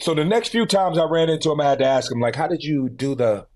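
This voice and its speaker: A man's voice: fairly high pitch, fast, a little mellow. A man in his fifties with a New York accent, chatting as an interview guest in a laid-back, easygoing way and laughing easily. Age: 50s. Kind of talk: casual interview chat.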